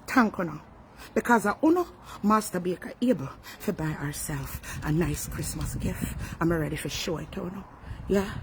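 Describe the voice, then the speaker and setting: A woman with a Jamaican accent, a home baker giving an animated casual holiday message to her customers. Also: on the low side, a little hiss or hum. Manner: animated, calls herself by her business name in the third person. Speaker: home baker selling cakes.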